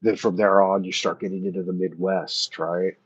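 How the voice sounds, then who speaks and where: A man with a low, husky voice rambles through a casual late-night chat, thinking aloud and filling pauses with "uh" as he answers viewers. The sound is dry and dull, with a muffled lo-fi edge. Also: flat delivery, no echo. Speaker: livestream host answering chat.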